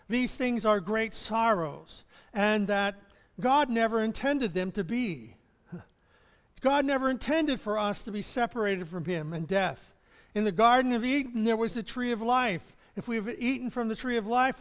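A man's voice: high-pitched, a bit bright, smooth. A man preaching a sermon as pastor, in a conversational way with chuckles and restarts. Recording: long hall reverb.

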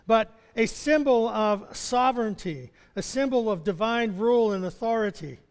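Guy preaching a sermon, high voice, chuckles a lot, big echoey hall. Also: normal speed, smooth. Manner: conversational, chuckles often, stammers and restarts. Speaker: chaplain and preacher. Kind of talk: sermon with personal stories. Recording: long hall reverb.

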